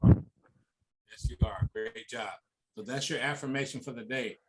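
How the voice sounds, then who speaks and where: A man's voice: medium pitch, fairly even intonation, moderate pace, poor audio. A man leading a youth workshop, coaching the group with encouraging call-and-response. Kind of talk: motivational workshop talk. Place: conference room. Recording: loud background noise.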